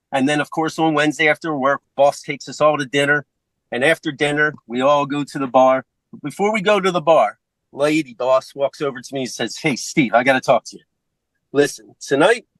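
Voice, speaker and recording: A man with a Philadelphia accent telling a comedic story on a podcast, profane and animated, acting out the voices of other people. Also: on the high side, no echo, poor audio.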